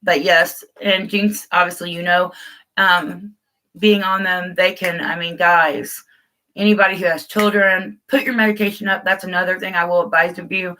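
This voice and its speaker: A middle-aged woman hosts a casual live stream, rambling openly and calling her viewers guys. Her voice sits a little low but sounds bright and forceful. She talks loosely, with restarts and asides to the viewers. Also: fairly even intonation, normal speed, rough recording. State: tearful at times. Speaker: livestream host.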